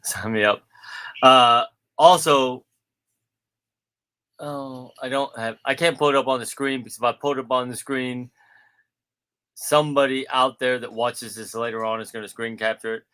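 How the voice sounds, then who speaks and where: A man's voice: medium pitch, normal speed, long pauses, clear, resonant tone. A man chatting casually, teasing and joking, often acting out what people said. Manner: joking, teasing, self-mocking; quotes people in animated voices. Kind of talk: casual chat.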